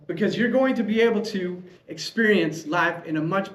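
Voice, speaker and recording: A man with a high voice delivers a prepared speech to a club, telling his story in a lively, playful way. The room is echoey, with a faint hum of ambience behind him. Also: moderate pace. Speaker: club speaker.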